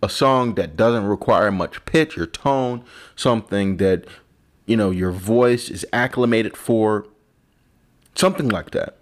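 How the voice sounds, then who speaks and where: A man's voice: lowish voice, a little slow. A man, a vlogger and comedian, drinking and rambling in a profane, self-mocking monologue. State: drinking alcohol.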